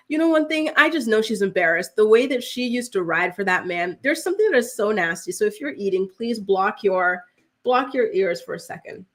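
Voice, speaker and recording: A woman hosts a live-streamed celebrity gossip show in a loose, chatty way. She peppers her talk with "like" and reads viewer comments aloud. Her voice sits at an ordinary middle pitch for a woman. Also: lively intonation, moderate pace. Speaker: host of a celebrity news show.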